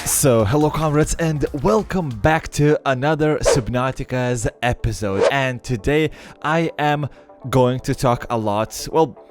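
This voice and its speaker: A man's voice: mid-range voice, a little slow, over music. A young man with a non-native English accent, giving game commentary and explaining step by step with many fillers. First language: not English. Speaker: gaming YouTuber.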